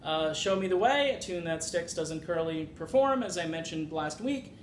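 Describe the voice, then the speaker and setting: A man with a fairly high voice hosts a music commentary video. He speaks casually and with strong opinions, and he adds sarcastic asides. The room sounds echoey and a faint rumble runs underneath. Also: lively intonation, moderate pace. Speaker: music commentary channel host.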